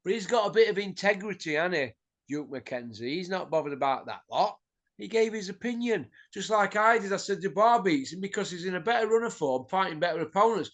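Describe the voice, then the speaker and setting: A man's voice: sits high, animated, fairly quick, a bit bright. A middle-aged man, hosting a boxing show and ranting bluntly, swearing and tossing in tag questions. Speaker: boxing pundit host. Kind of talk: opinionated ranting chat.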